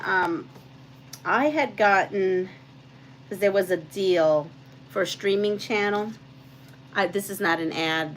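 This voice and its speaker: A woman's voice: fairly low pitch, creaky, background noise. Chatty woman quilting host. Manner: chatty, laughs often, reads out trivia questions. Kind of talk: casual chat while quilting.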